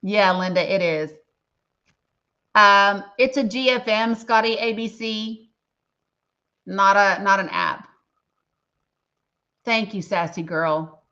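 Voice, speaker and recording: In slightly dull lo-fi audio, a woman hosting a casual livestream reads viewer names from the chat and speaks with earnest feeling. Her mid-range voice is bright and forceful, slow in pace with frequent pauses.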